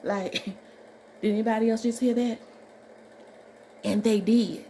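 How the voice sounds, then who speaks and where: A woman from Alabama, a registered nurse, telling a workplace story in an animated, emphatic way and acting out the dialogue. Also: fairly high pitch, slow, a little hiss or hum. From Alabama, USA. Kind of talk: storytime vlog.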